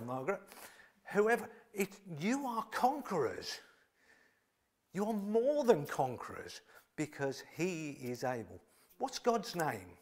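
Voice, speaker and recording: Passionate preacher swinging hushed to loud. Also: male voice, on the high side. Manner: swings from hushed near-whispers to loud excited exclamations. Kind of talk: sermon. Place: church.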